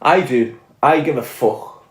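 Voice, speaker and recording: A man's voice: mid-range voice, slow pace, echoey room. A man with a Scouse accent from Liverpool, delivering an angry, profane, confrontational rant to camera. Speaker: online commentator.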